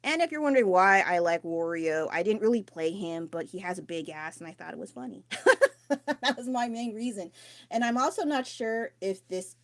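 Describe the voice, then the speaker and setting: A woman talking loudly and candidly into her phone mic during a casual live stream, rambling and swearing casually. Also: medium pitch, lively intonation, normal speed, no room sound. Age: adult. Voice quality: loud, raised voice.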